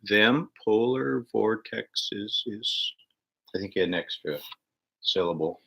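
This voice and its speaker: A man's voice: lowish voice, lively intonation, slow pace, gravelly, pushed and bright, highs cut off. A man co-hosting a casual home chat, joking playfully and breaking into improvised song parodies. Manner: playful, sings off-key parodies, dry asides. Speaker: co-host.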